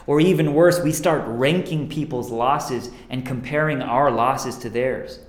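A man preaching a sermon as pastor, earnest, dropping to a hush on key lines. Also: mid-range voice, unhurried, hardly any pauses, echoey room.

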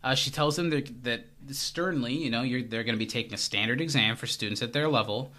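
A man co-hosting a podcast, chatting casually and playfully about a TV episode, sometimes slipping into quick comic voices. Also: mid-range voice, sharp tone. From Indiana. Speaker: podcast co-host. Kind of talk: casual chat recapping a TV episode.

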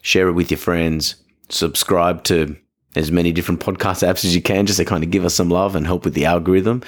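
Low-voiced man on a dog podcast. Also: brisk. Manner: animated, jumps to a high excited voice when acting out talking to dogs. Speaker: podcast host and dog trainer. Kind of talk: casual solo podcast talk.

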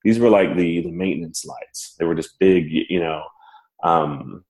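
A man telling a personal story in casual talk, animated and self-mocking, laughing as he goes. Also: low-pitched, a little slow. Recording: roomy echo.

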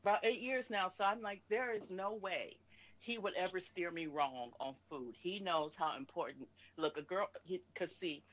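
A woman's voice: on the low side, normal speed, dull audio, a little hiss or hum. Woman, caller, emphatic storyteller, salty language, casual chat.

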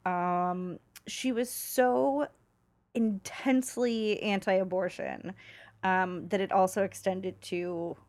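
A woman's voice: medium pitch, fairly even intonation, slow pace, a little mellow, no echo. Brief: woman podcast co-host, sardonic, swears freely, close dry mic. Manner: sardonic, swearing, reads quotes aloud. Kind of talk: casual podcast chat.

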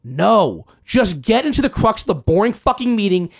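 A woman's voice: mid-range voice, sing-song, moderate pace, vocal fry, breathy edge. Profane, heated woman co-host. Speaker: podcast co-host. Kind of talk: casual chat.

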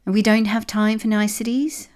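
Storybook echidna, grumpy old female, snappish and scornful, pitched up and loud, as a woman reads her. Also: fairly even intonation, measured pace.

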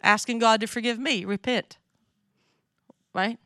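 On the high side and pushed bright, her voice is clear and resonant, moving at a moderate pace. She's a middle-aged women's ministry speaker with a Southern accent, giving a candid, conversational sermon to a women's gathering and regularly checking in with the crowd through questions. The recording is dry and studio quality.

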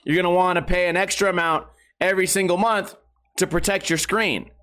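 A man voicing a pushy female phone-store saleswoman who keeps upselling in a matter-of-fact sales pitch. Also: fairly even intonation, a little fast, bright, forceful tone. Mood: pushy salesy.

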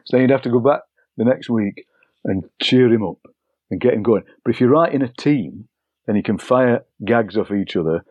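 An older man, a poet, telling anecdotes in a relaxed interview and acting out overheard phrases. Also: medium pitch, a little fast, dry recording, lo-fi sound. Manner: chatty, anecdotal, acts out overheard lines. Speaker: poet and broadcaster, interview guest. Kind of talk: relaxed storytelling conversation.

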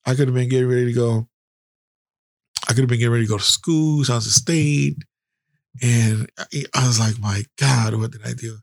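Middle-aged male podcast host, gravelly and blunt, swearing freely through a candid story. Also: medium pitch, steady tone, normal speed, long pauses, dry recording, studio quality. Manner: blunt and heavily profane.

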